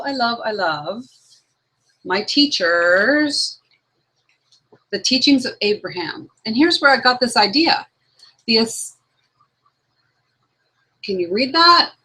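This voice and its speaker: A woman's voice: a little high, bright, forceful tone, low-quality recording. A woman hosting an online talk show as a law of attraction trainer, speaking in an earnest, heartfelt way and reading quotes aloud. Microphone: webcam video call setup.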